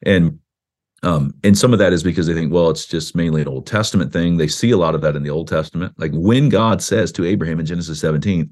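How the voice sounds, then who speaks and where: A man with a deep, low voice speaks as a pastor in an interview. He talks in a loose, conversational way, full of restarts and "you know." When he quotes someone, he lifts his voice into an animated little performance. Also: fast. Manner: animated, acts out quoted speech with a raised voice. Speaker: pastor and author, interview guest. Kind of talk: explaining in a podcast interview.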